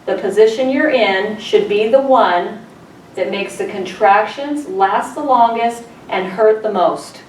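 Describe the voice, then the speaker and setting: A woman's voice: mid-range voice, unhurried, a little mellow, recorded from a distance. A middle-aged woman leads a childbirth class, telling stories from her own labor and quizzing her students. Her voice sits in the middle of the range. The sound is roomy, with the camera well back and faint noise in the room. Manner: storytelling, asks the class questions. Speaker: childbirth educator.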